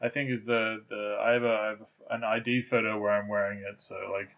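This young man has a gravelly, creaky voice at an ordinary pitch. He co-hosts a casual chat and talks hesitantly, piling up fillers and restarts. The sound is dull and lo-fi. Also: flat delivery, quick pace, fairly bright tone. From Australia. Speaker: podcast co-host.

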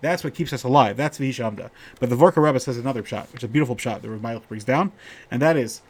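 A middle-aged man giving an informal Torah talk, telling stories and getting animated when he quotes the people in them. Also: medium pitch, very fast. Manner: storytelling, animated when quoting characters.

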